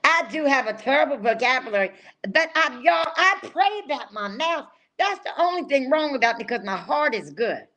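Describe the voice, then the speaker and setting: Older woman, podcast co-host, loose rambling delivery, gets amped up fast. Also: high-pitched. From North Carolina. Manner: rambling, excitable, restarts often. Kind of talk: casual chat.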